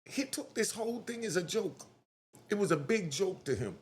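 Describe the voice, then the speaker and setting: A man hosting a casual online commentary, talking straight to his viewers in an animated way and acting out quotes. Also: high voice, moderate pace.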